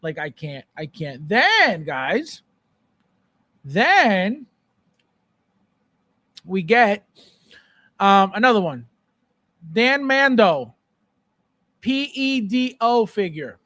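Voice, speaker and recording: A man's voice: high-pitched, sing-song, very slow, pauses often, bright, forceful tone, dry recording. A man hosting a live collector show, ranting with exasperation and repeating himself as he answers chat. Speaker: podcast host. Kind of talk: live-stream chat with viewers.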